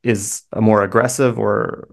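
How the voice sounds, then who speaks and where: A Canadian man, a guest English teacher, talking slowly and clearly for learners in a thoughtful, explaining way. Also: fairly low pitch, steady tone. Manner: measured, thoughtful, explains carefully. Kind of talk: slow clear conversation for learners.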